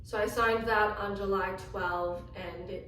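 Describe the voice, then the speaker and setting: A woman vlogger telling a personal story in an animated way, acting out the lines she quotes. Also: mid-range voice, takes it slowly, a little hiss or hum. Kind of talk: storytelling vlog. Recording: echoey room from a distance, faint ambience.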